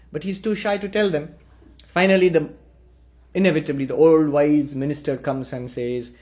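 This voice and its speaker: A man telling a spiritual story, animating the dialogue with lively voices. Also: fairly high pitch, moderate pace. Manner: animated storyteller acting out characters. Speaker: spiritual speaker. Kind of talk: storytelling talk.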